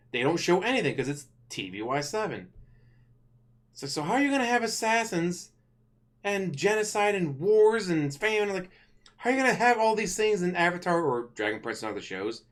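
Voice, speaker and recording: A man ranting casually to camera as a channel host, rambling and correcting himself, blunt and quick to swear. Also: sits high, very animated, a bit bright.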